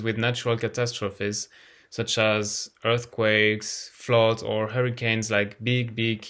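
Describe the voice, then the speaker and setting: A man's voice: medium pitch, fairly bright tone, clear, resonant tone. A man speaking English as a second language, casually explaining astrology as a healing teacher, often repeating words as he searches for them. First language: not English.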